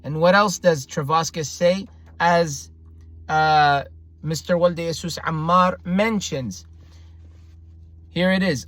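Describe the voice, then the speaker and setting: A man's voice: sits high, expressive, measured pace, a bit bright, no echo. A man from Eritrea reading a history book aloud and commenting on it earnestly, often hunting for words. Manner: earnest, searching for words, repeats himself.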